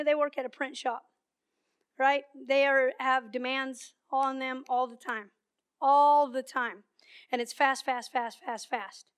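Woman preacher, high voice, storytelling sermon with emphatic repetition.

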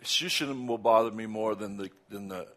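A man's voice: on the low side, normal speed, pushed and bright. Chatty older Southern preacher man. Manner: chatty, laughing, self-deprecating asides. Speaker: guest preacher. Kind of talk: casual sermon opening.

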